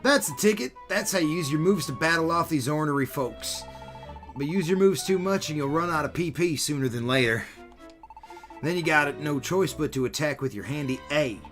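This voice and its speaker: A man's voice: on the high side, expressive, moderate pace, a bit bright, soft background music. A man voicing a helpful, folksy male Nuzleaf with an American Southern accent, reading the game dialogue aloud. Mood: folksy advice. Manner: folksy, drawling, exclamatory.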